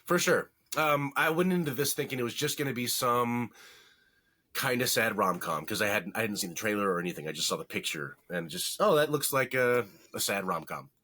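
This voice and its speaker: A man chats casually as a podcast co-host, rambling through his thoughts and catching his own slips with a joke. His voice is bright and forward, at a middle pitch. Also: brisk. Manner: rambling, self-correcting, jokey. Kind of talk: casual movie review chat.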